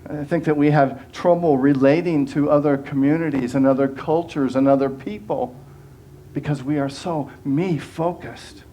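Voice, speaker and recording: Man, minister, sermon, fairly high voice, earnest, conversational, frequent restarts. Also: fairly even intonation, moderate pace, warm tone.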